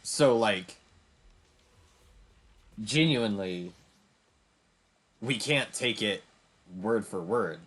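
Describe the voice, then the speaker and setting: A man's voice: lowish voice, animated, very slow, long pauses, fairly bright tone, husky. A young man streaming a game, giving a rambling, emphatic commentary with frequent restarts. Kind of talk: casual gameplay commentary.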